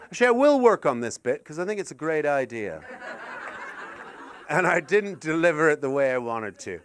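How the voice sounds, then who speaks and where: A man's voice: fairly high pitch, very animated, normal speed, slight background noise. A man from Canada doing stand-up at a live venue, rambling and self-mocking through absurd stories on a handheld mic. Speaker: stand-up comedian. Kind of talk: stand-up set.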